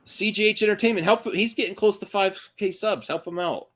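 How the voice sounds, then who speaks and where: A man with a high voice co-hosts a casual livestream, speaking a little fast. He's lively and jokey, reading listener mail and questions aloud.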